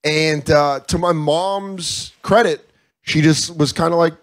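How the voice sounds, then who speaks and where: A man in his thirties tells his stories in a fast, profane, animated way, slipping into quick impressions of the people he talks about. His voice sits a bit high for a man. It is a loose, casual chat recorded live at a comedy club. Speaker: comedian guest.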